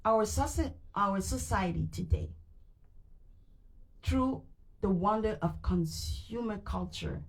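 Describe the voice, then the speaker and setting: A tired woman with a French Canadian accent, a native French speaker, reading a book aloud on a live stream into a mic, animated and retrying hard words again and again. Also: medium pitch, takes it slowly, long pauses. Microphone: microphone.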